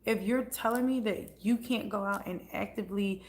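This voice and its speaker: A woman's voice: mid-range voice, moderate pace. A woman chatting casually on a livestream, blunt and profane. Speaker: livestream host.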